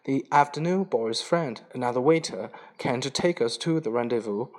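A man's voice: medium pitch, normal speed. A man narrating a story in a plain reading voice, with the occasional slip and restart. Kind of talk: audiobook reading.

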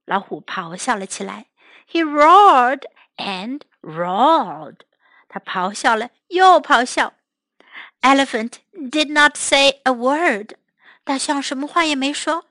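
A woman reading a children's story aloud line by line, translating each line, gentle and clear, as storyteller and English teacher. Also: sits high, expressive, takes it slowly, no echo.

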